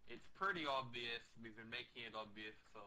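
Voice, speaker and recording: A man's voice: mid-range voice, brisk, noisy background, close to an everyday voice. A man voicing an indignant woman in his comic story, close to his own voice.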